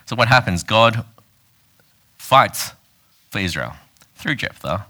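A man's voice: on the low side, expressive, slow pace, pauses often, bright, forceful tone. A man preaching a casual, conversational sermon, retelling a Bible story and acting out its quoted lines.

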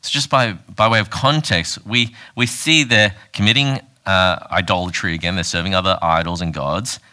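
Bright-voiced male preacher. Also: low voice, moderate pace. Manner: casual, animated storytelling with quoted voices. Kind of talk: conversational sermon.

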